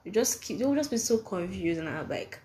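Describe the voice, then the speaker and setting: A woman's voice: mid-range voice, lively intonation, a little fast, dark tone. A young woman co-hosting a podcast, talking in a casual, emphatic way, often repeating her points and acting out the questions people ask. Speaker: podcast co-host. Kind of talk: casual chat.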